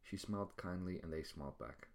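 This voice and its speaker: A man narrates an audiobook chapter in a quiet, low-key manner. His voice sits very low and stays soft through the descriptive passages. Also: fairly quick, vocal fry.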